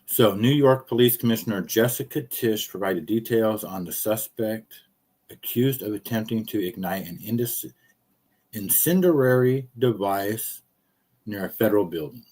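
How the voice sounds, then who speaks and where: Rambling, cussing low-voiced male streamer. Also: a little slow, darkish tone, breathy edge. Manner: rambling, profane, jokey asides. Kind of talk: casual live-stream commentary.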